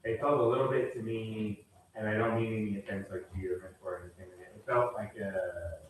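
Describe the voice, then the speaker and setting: Low-voiced man asking a halting question, heard from afar in a very echoey hall. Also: fairly even intonation. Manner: hesitant, many fillers. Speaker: audience member asking a question. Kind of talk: casual question from the floor. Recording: echoey hall, far from mic, faint noise.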